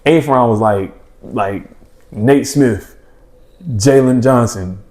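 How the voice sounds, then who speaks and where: A young man telling stories on a podcast, easygoing and full of slang. His voice sits at an ordinary middle pitch, and he jumps into the voices of friends and of his younger self as he goes. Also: slow. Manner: animated storyteller, acts out his own past thoughts and friends' reactions, slangy. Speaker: podcast guest, former junior college basketball player. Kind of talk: casual storytelling in a podcast chat.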